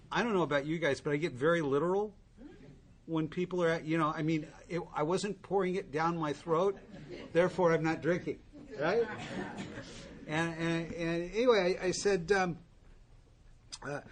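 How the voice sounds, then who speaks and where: A man in his sixties tells a humorous, rambling story to an audience at a recovery meeting, with many restarts. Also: on the high side.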